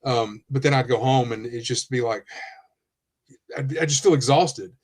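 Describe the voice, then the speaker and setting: A man hosting a podcast, himself a retired police officer, speaking in a measured, reflective way. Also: medium pitch, darkish tone. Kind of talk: candid podcast conversation.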